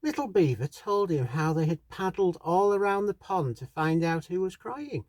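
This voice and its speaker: A man reading a children's story aloud in a slow, expressive storybook manner. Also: high-pitched, no echo.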